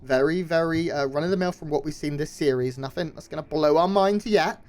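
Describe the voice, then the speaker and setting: A man doing brisk, easygoing play-by-play commentary on a live esports match. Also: a little high, a little mellow.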